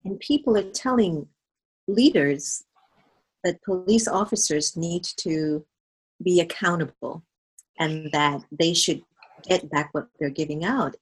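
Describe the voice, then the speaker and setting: A woman speaking as a spiritual guest in a conversational interview, earnest and animated. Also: sits low, breathy edge, low-quality recording.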